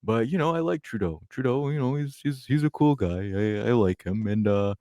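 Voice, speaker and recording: A man's voice: medium pitch, animated, normal speed, mellow, no room sound, clean studio sound, lightly acted. Guy doing an impression of a rambling boastful politician, repeats himself a lot. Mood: blustery.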